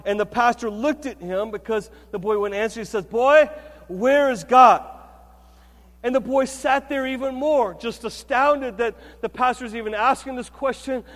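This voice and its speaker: A man's voice: very high voice, normal speed, hardly any pauses. A man preaching a sermon as the pastor, in a conversational, storytelling way with frequent check-ins to the congregation. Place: church sanctuary. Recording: reverberant church hall.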